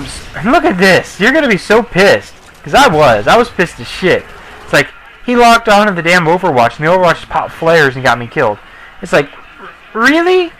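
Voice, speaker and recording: A young man giving casual, rambling commentary over his gameplay, joking and breaking into excitable outbursts. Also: fairly high pitch, a little hiss or hum, rough recording. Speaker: gaming commentator.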